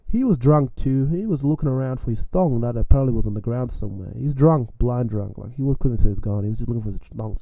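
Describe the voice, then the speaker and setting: Young man for a casual storytime, very dark warm tone, dry close sound, animated with chuckles. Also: mid-range voice, fast, creaky, few pauses, dry recording, dull audio.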